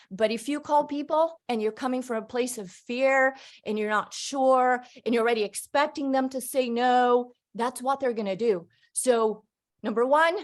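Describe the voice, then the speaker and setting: A woman gives a motivational talk as a guest on a conference call. Her voice sits a little high, and her delivery is energetic and emphatic, full of upbeat conviction. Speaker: guest speaker.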